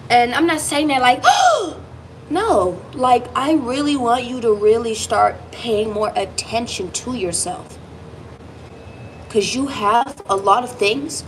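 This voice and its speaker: A woman's voice: a little high, slow, a little hiss or hum, rough recording. A woman giving a tarot reading straight to her viewer, emphatic and reassuring, swearing casually as she goes. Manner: lively, emphatic, swearing, speaks directly to the viewer. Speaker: tarot reader.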